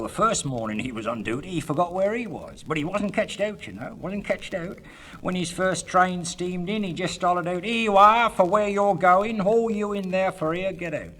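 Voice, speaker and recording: A man's voice: on the high side, a bit bright. A man with a rural southern English accent spinning comic country yarns in a drawling dialect monologue, with chuckling asides.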